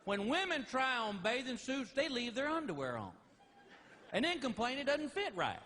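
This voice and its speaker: A man's voice: extremely high pitch, very animated, moderate pace, pushed and bright. A middle-aged man, performing a folksy stand-up routine and acting out both sides of a marriage. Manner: folksy drawling storyteller acting out wife and husband. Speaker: stand-up comedian. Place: theater stage before a live audience. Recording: live show with audible room noise.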